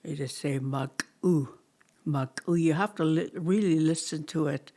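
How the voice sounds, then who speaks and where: With a medium-pitched, mellow voice, a language teacher runs a slow-paced lesson, saying each word over and over with hesitant pauses and now and then sinking to a near-whisper. The teacher seems thirsty, with a dry mouth.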